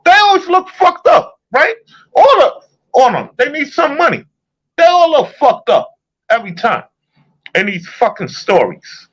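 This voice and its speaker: A man's voice: very high voice, sing-song, moderate pace, fairly bright tone. A man giving heated, profane casual commentary while reacting to a video, repeatedly incredulous. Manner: heated, incredulous, swears a lot.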